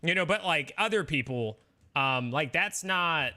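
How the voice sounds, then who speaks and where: A man's voice: fairly high pitch, lively intonation, a little slow, bright, forceful tone. A young man, a game streamer, chatting casually with his viewers in a rambling, defensive way with lots of fillers.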